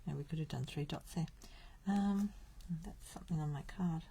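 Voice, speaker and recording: A woman's voice: low-pitched, moderate pace, vocal fry, warm tone, slight background noise. A woman from Australia hosting a live card-making stream, chatting and thinking aloud as she works. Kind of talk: live crafting stream chat.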